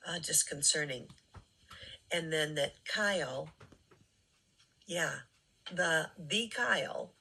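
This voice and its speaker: A woman hosting a commentary channel, giving sarcastic, critical remarks between clips, with fillers and pauses. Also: sits low, expressive, bright, forceful tone, breathy edge, low-quality recording.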